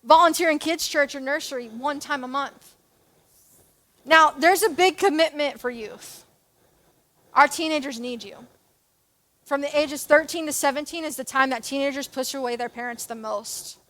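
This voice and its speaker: Young woman youth leader, high pitch, casual self-mocking sermon delivery. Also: normal speed. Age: young adult. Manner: chatty, self-deprecating, animated with jokes and asides. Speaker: church youth and kids leader.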